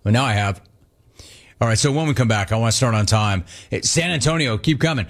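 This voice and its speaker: A man hosting a sports talk radio show, animated and mocking, repeating himself for emphasis. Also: medium pitch, a little fast.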